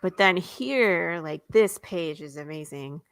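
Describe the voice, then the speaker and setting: A woman comics creator, a guest chatting casually and retelling her comic's pages in an animated way. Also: lowish voice, takes it slowly, clear, resonant tone, no room sound. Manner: animated storyteller, voices characters, laughs often.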